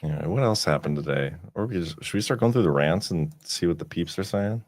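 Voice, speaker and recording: A man's voice: low-pitched, animated, fairly quick, a little mellow, dry recording, studio quality. A man co-hosting a podcast in casual, rambling, profane chat. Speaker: podcast co-host.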